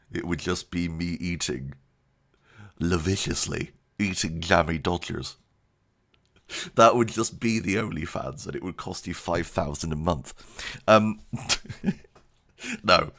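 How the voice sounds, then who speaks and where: Low slow guy rambling through a channel update, laughs a lot at himself. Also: lively intonation, a bit bright. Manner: rambling, self-deprecating, laughs often. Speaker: YouTube creator. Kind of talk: casual channel update chat.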